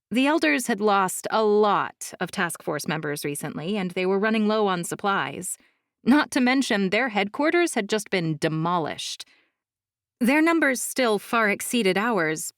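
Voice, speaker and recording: A woman narrating a fantasy romance audiobook in the first person, calm, soft and measured. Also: mid-range voice, no room sound, studio quality.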